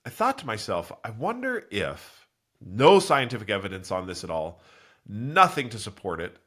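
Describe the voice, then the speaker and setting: Congested from a cold, a man hosts a solo motivational podcast, talking earnestly and rambling at a normal speed. His voice is sing-song and fairly bright. He corrects himself and acts out quoted voices with big jumps in pitch.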